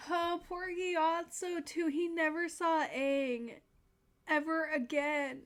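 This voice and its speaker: A woman's voice: very high voice, steady tone, extremely slow, a bit bright. A young woman reacting to a show in casual commentary, emotional, teary and swearing freely. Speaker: reaction video host.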